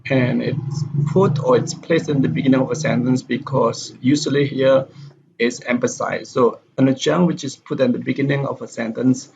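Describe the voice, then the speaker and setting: Gravelly man giving a pronunciation lecture. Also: mid-range voice, normal speed, hardly any pauses, background noise. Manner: steady, reads example sentences aloud twice. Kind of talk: slide-based lecture. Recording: dull lo-fi recording.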